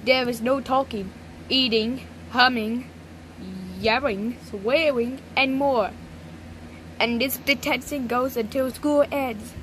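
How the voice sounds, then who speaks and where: A computer voice of a woman doing a stern cartoon authority woman who scolds in stiff, repetitive bursts. The voice sits high and the delivery is slow and unhurried. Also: steady tone, a bit bright, slight background noise. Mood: scolding. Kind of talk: text-to-speech cartoon voices.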